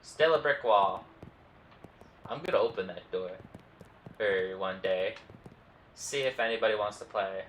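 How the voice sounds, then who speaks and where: Slow-reading streamer man, echoey room. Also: fairly low pitch, a bit bright. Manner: reads game text aloud, adds quick asides. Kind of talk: game playthrough, reading dialogue aloud. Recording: roomy, distant mic with faint noise.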